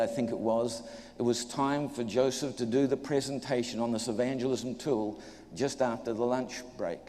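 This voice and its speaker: New man telling a lively testimony. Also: medium pitch. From New Zealand. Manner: animated storyteller, acts out voices, jokes with audience. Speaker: preacher giving a testimony. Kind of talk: humorous sermon testimony. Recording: echoey hall reverb.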